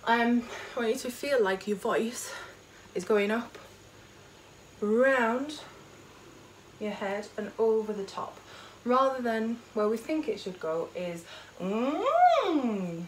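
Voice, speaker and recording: A woman choir leader, teaching an online vocal warm-up from home and demonstrating high sung notes. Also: slow, slight background noise. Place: home during lockdown.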